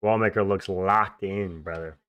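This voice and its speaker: A man's voice: low-pitched, steady tone, moderate pace, a bit bright, no echo, highs cut off. A young man hosting a livestream, chatting casually and answering viewer comments in slangy, offhand talk. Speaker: livestream host.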